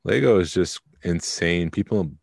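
A man co-hosting a casual podcast, talking in a very low, deep voice. He is chatty and jokey and reads figures out loud. The sound is close and dry, with no room echo. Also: a little slow, vocal fry, husky. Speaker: podcast co-host. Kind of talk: casual chat.

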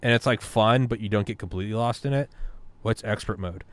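A man's voice: on the low side, fairly quick. A man in casual podcast chat, rambling, swearing and philosophizing as he talks. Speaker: podcast talker.

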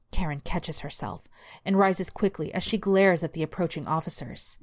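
A woman narrating a dark story with a measured, suspenseful delivery. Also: on the low side.

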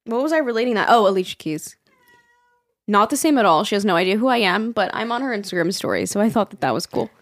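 A woman's voice: mid-range voice, very animated, fast talker, no room sound. A young woman co-hosting a podcast, talking in a chatty, rambling way and swearing freely. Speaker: podcast co-host. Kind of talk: casual podcast chat.

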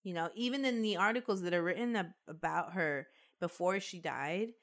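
A woman's voice: lowish voice, normal speed, a bit bright. A woman co-hosting a podcast in a casual chat, reading from notes with frequent fillers and easy laughs. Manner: chatty, frequent "like" and "um", laughs easily. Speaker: podcast co-host.

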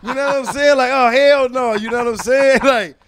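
A man telling an animated, profane story in casual slangy street talk as a guest, often asking "you know what I'm saying". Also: very high-pitched, quick pace. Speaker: battle rapper.

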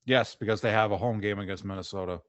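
Confident male sports co-host, halting starts, dry close sound. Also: lowish voice, steady tone, dry recording. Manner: confident, repeats words when starting. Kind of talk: casual sports radio chat.

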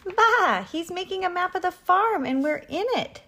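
An excitable flock of farm sheep, as a woman puts them on, chattering in a bright, high register. They bleat eagerly and sound loud and bouncy. A storybook reading. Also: normal speed, heavily acted. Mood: excited.

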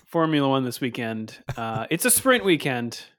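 A man's voice: medium pitch, very animated, moderate pace, a bit bright. A man co-hosting a podcast in casual chat, playful and laughing, stumbling over hard names. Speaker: podcast co-host.

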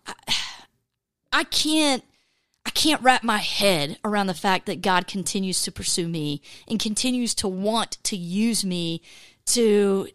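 A woman hosting a casual faith podcast, animated, laughing often and filling her talk with "man" and "dude.". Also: medium pitch, smooth, no room sound, studio quality. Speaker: podcast host.

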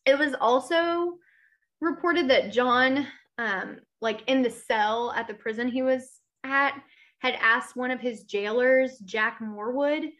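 A woman's voice: high voice, slow pace, fairly bright tone. A woman co-hosting a true crime podcast, telling the story in casual chat with frequent laughs and trailing off. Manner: giggly, chatty, trailing off. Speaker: podcast co-host.

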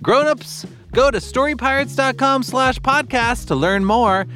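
A man's voice: extremely high pitch, a little slow, sharp tone, soft background music. A man hosting a podcast, reading upbeat, scripted announcements. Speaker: podcast host.

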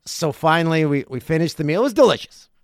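A man in his forties, a podcast host telling a story casually, animated and profane. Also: on the high side, fast talker, no echo, clean studio sound. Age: 40s.

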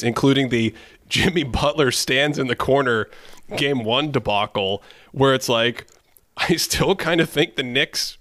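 A man's voice: mid-range voice, fairly bright tone, no room sound, studio quality. A man hosting a casual basketball podcast, who reads out stats and laughs between his points. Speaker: podcast host.

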